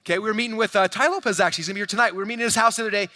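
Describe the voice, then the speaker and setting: A man on stage giving a sales talk to a big crowd. He speaks fast and with lots of energy, in a high voice that stays close and dry even though he is in a large hall. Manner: energetic, playful, addresses audience directly.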